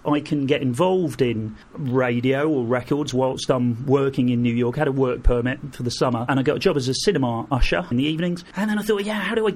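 A middle-aged man, a guest, telling lively anecdotes and acting out the people in them. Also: mid-range voice, a little fast, hardly any pauses. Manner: animated anecdotes, acts out quoted voices, laughs through. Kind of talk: storytelling in an interview.

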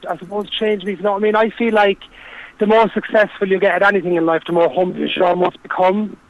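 A man's voice: sits high, fairly even intonation, fast talker, dull audio. An Irish man talking earnestly in a casual interview, rambling with lots of fillers. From Ireland. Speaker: guest.

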